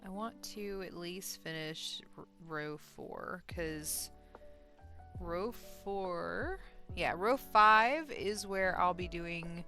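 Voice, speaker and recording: A woman's voice: on the low side, drawn-out words, sharp tone, faint music behind. A tired young woman chatting casually on a crochet livestream, rambling, laughing often and trailing off with ums. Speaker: crochet streamer.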